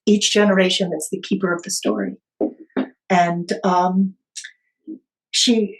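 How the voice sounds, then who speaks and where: A woman podcast guest retelling a family story in conversation, animated, with small hesitations and restarts. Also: mid-range voice, poor audio.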